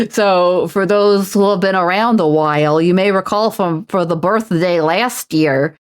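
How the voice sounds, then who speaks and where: A young Canadian woman chats easily with her stream audience while she paints a model. Her voice sits a little low, and she takes her time with each phrase, teasing herself as she goes. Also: unhurried, clear, resonant tone. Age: 20s. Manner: playful and self-mocking, slips into announcer voices. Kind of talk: casual livestream chat while painting a miniature.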